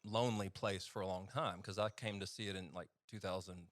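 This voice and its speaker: A man's voice: low voice, steady tone, brisk, fairly bright tone, dry recording, studio quality. A man with an East Texas accent, a physician guest telling a story in a rambling, chatty way with easy laughter. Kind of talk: casual storytelling testimony.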